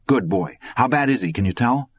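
Man playing a middle-aged father, worried, urgent, husky, dull audio. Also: medium pitch, brisk, no room sound, voice pushed up, close to an everyday voice.

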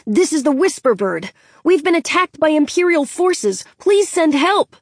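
A woman's voice: high voice, sing-song, a little slow, no echo, studio quality, pitched above the performer's own voice. A woman voicing a young boy who pleads for help over a radio call, whining and desperate. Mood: pleading.

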